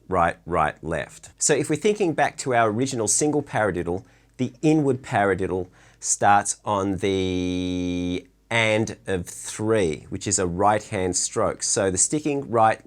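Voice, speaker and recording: A man giving a relaxed, chatty drum lesson from his drum room, counting beats aloud as he explains stickings. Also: lowish voice. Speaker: drum teacher.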